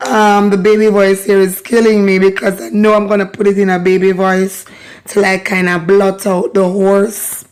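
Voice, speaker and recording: Hoarse Jamaican woman teaching patois. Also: mid-range voice, little pitch movement, normal speed, darkish tone. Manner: chatty, laughing often, repeats phrases for learners. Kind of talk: casual language lesson.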